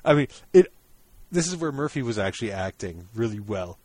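A man's voice: lowish voice, sing-song, fairly quick, darkish tone, dry recording. A man co-hosting a podcast, chatting casually about old episodes and laughing often as he retells the jokes. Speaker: podcast co-host. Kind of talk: casual chat.

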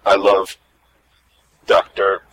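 A man voicing a lovesick, menacing robot with claws, speaking in a flat, deadpan way for improv comedy. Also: deep voice, heavily acted. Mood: deadpan menace. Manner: slow, flat, deadpan delivery.

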